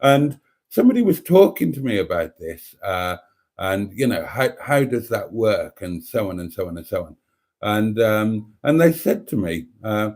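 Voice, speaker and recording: A man's voice: lowish voice, big pitch swings, moderate pace, darkish tone. A man with a Welsh accent hosting a casual live stream, chatty and self-mocking, laughing often.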